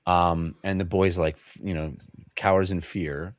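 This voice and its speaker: A man's voice: sits low, normal speed, no room sound. Male podcast co-host, casual rambling book talk, dry close sound, laughs a lot. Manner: rambling, laughing, jokey retelling with put-on quotes. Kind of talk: casual chat.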